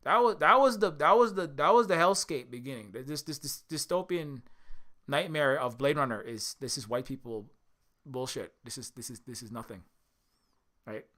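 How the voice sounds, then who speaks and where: A man's voice: medium pitch, moderate pace, bright, forceful tone. A man, an indie game developer and streamer, giving a casual monologue in an impassioned, profane way with many restarts.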